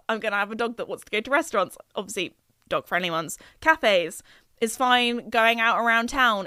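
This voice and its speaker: A woman's voice: medium pitch, sharp tone, clear, resonant tone, no room sound, studio quality. A young woman, hosting her own podcast in a chatty, upbeat way and laughing often. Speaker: podcast host. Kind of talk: casual solo podcast chat.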